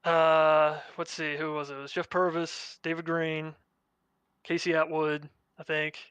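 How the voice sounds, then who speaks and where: A man's voice: fairly high pitch, flat delivery, measured pace, a bit bright, smooth, dry recording, dull audio. A man who just won a sim race, recapping it in a rambling post-race interview full of fillers. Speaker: race winner, sim racing driver.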